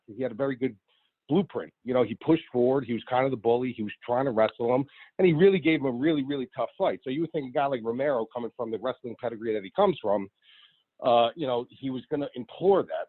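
Quick-talking New man on the phone. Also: mid-range voice, no echo, narrow, tinny audio. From New Jersey, USA. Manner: earnest, talky analyst. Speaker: fantasy sports analyst guest. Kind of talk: casual chat, sports analysis.

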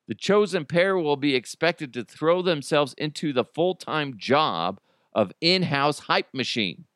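A man's voice: medium pitch, a bit bright, dry recording, clean studio sound. Blunt, profane male podcast host. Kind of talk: casual news commentary.

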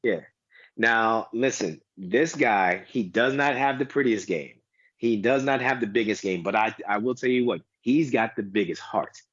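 A fairly low-voiced American man talks tennis in a loose, rambling way, restarting his sentences and throwing in animated asides. The sound is dull and lo-fi, with a dry, close feel and no room around it. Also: normal speed, no echo. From United States. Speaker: guest DJ and tennis fan. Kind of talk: casual podcast chat.

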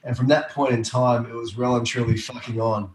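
Fast-talking interviewer in an echoey room. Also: male voice, mid-range voice, level tone. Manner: swears casually, leads with questions. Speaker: interviewer, surf journalist. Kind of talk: conversational interview.

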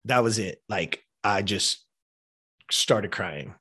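A man's voice: on the low side, expressive, takes it slowly, bright, forceful tone, breathy edge. A man in his fifties from the United States, a podcast guest telling an emotional personal story with casual swearing and frequent fillers like "like" and "you know". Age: 50s.

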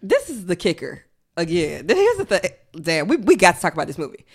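A woman's voice: fairly low pitch, huge pitch swings, fairly quick, breathy edge. A pregnant woman co-hosting a podcast with her partner, blunt and teasing in casual chat. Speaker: podcast co-host.

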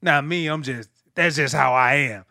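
A man in his thirties hosts a relaxed conversation and tells stories with animation, jumping into other people's voices as he goes. His voice sits high and sounds bright. The mic is close and dry. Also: normal speed, dry recording. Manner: animated storyteller, acts out teammates' lines. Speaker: podcast host, former linebacker. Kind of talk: casual chat, storytelling.

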